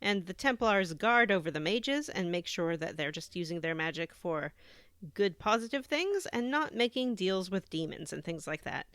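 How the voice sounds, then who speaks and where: A woman co-hosts a casual gaming podcast and retells the story with plenty of animation. Her pitch moves around a lot as she talks. The recording is dry and close. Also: normal speed, dry recording. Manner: animated storyteller who acts out characters. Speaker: podcast co-host.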